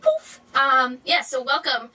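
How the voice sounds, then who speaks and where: Bright, rambling young woman. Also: normal speed, soft background music, poor audio. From Canada. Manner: rambling, lots of fillers and self-corrections; animated, jumps to high squeals. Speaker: vlogger. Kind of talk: casual chatty vlog monologue.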